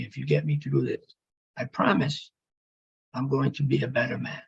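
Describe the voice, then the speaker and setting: A man telling his near-death story as emotional personal testimony, halting and pausing as he speaks. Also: mid-range voice, big pitch swings, vocal fry, dull audio, slight background noise. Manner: halting, emotional, with pauses and restarts.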